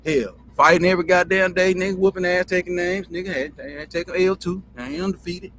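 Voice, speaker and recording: Talking fast in a high, steady, somewhat bright voice, a Southern-drawling show host rambles through a profane storytelling monologue and keeps repeating himself.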